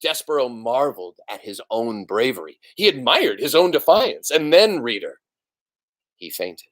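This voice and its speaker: A man reads a children's book aloud with a wildly swinging, sing-song pitch. His telling is expressive and animated, rising and falling to build each scene. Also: normal speed. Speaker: reader.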